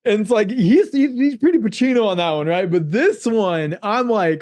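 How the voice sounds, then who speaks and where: Excitable high-voiced man gushing about films. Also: normal speed, few pauses. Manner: excitable, quotes movie lines in mimicking voices, laughs often. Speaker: podcast co-host. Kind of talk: casual movie-discussion chat.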